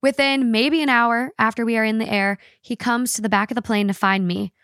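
A woman's voice: on the high side, fairly even intonation, fairly quick, fairly bright tone, no room sound, clean studio sound. A woman co-hosting a podcast, reading a listener's story aloud with expression and then chatting casually about it.

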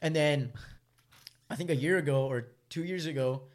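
A man's voice: fairly high pitch, normal speed. A young man telling a story to friends in casual chat, swearing often and using lots of fillers, laughing as he goes.

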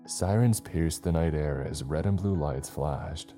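A male narrator reads a first-person horror story with a very deep, dark voice. His delivery is steady and measured. Faint music plays underneath.

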